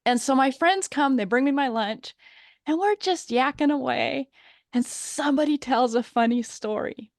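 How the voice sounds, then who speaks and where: High-voiced, animated woman storyteller. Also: moderate pace, no room sound, clean studio sound. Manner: animated storyteller, laughs often. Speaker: guest, courage coach. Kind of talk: telling a funny story on a video call. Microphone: video call.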